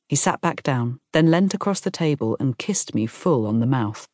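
A woman reading a first-person novel aloud in a calm, measured storytelling manner. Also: very deep voice, no room sound, studio quality. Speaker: audiobook narrator. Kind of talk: scripted first-person narration.

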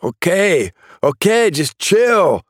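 A man's voice: medium pitch, moderate pace, no room sound, clean studio sound, voice pushed up, close to an everyday voice. A man voicing a defiant, foul-mouthed teenage suspect who snarls in street slang. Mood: rattled. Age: late teens.

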